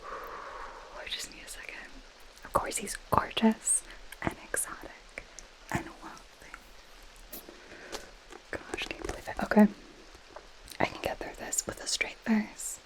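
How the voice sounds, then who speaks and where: A woman playing a snarky, possessive goth girl friend in a whispered role-play. She reads aloud in a slow, unhurried hush and drops sarcastic, mocking asides. The whisper is close and soft, with a dry, teasing edge. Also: rough recording. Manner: sarcastic, mocking commentary while reading aloud. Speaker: ASMR creator.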